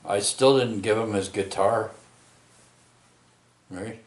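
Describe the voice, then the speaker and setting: Rambling man, low voice. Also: roomy sound. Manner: rambling, halting, many restarts and tag questions. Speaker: vlogger telling a personal story. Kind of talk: rambling storytelling monologue.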